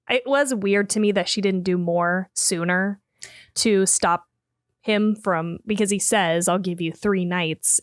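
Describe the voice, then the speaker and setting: A woman's voice: on the low side, dry recording, studio quality. A woman co-hosting a podcast, chatting casually and easygoing, often answering with short agreeing replies. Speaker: podcast co-host. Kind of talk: casual chat.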